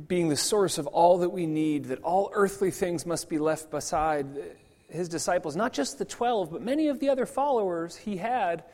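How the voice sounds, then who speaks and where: A man's voice: fairly high pitch, a little mellow. A man preaching a sermon as a pastor, in a conversational way with frequent repeated restarts. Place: church sanctuary. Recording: long church reverb.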